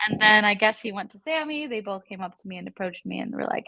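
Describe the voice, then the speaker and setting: A woman's voice: medium pitch, lively intonation, fast talker, pushed and bright, no echo. A woman telling her sales story in a modest, giggly manner, with lots of fillers. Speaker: sales closer, podcast guest. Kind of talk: casual storytelling.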